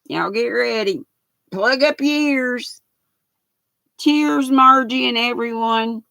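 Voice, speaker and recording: A woman's voice: fairly high pitch, takes it slowly, vocal fry, sharp tone, no room sound. An older woman, hosting a casual livestream and greeting viewers by name as she reads the chat aloud. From United States. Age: 60s. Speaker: livestream host.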